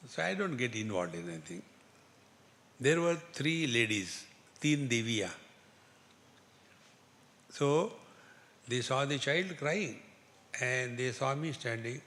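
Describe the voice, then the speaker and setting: A man speaking English with an Indian accent, giving a spiritual discourse as a teacher, telling humorous stories slowly and chanting Sanskrit verses. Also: mid-range voice, fairly bright tone. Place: lecture hall with an audience. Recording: long hall reverb, faint noise.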